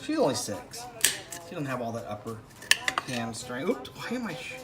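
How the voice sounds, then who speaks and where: A middle-aged man casually vlogging as he cooks in a home kitchen and gently coaches his young daughter with a knife, chatty and jokey. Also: medium pitch, big pitch swings, normal speed. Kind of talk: casual cooking ASMR vlog. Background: music and kitchen clatter of knives and pots.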